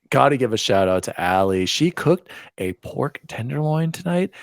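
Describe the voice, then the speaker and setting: A man's voice: medium pitch, a little mellow, no echo, studio quality. A man hosting a casual gaming podcast, jokey and playful in banter. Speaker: podcast host.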